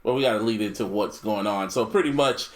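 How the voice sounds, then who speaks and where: A man's voice: on the low side, fairly quick. A man co-hosting a podcast, chatting casually with friends and telling rambling, profane stories. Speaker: podcast co-host. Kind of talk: casual chat.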